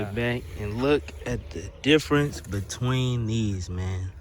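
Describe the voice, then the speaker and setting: A man's voice: mid-range voice, measured pace, slight background noise. A young man giving a casual, slangy, profane unboxing commentary outdoors beside a car, filming on a handheld phone. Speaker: car audio vlogger.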